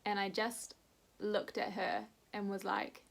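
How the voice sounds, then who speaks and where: Young adult woman, candid vlogger, animated storytelling. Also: mid-range voice, slow pace, vocal fry. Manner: candid, animated retelling with quoted voices. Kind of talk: casual storytelling chat.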